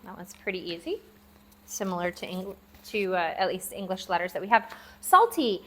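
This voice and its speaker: A woman teaching a language lesson, patiently repeating words slowly and spelling them out. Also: fairly low pitch, steady tone. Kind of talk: classroom-style language lesson. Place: lives abroad in Southeast Asia.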